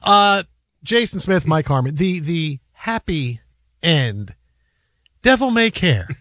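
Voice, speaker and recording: A man's voice: fairly high pitch, sing-song, slow pace, fairly bright tone, dry recording, studio quality. A man hosting a sports radio show, chatting casually and acting out quotes, often laughing. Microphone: studio microphone.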